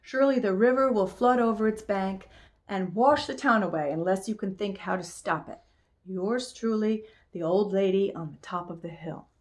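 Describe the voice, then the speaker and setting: A woman's voice: mid-range voice, moderate pace, lightly acted. A woman voicing a caring, fretful old lady in a storybook, with a slightly trembling voice. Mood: fussy.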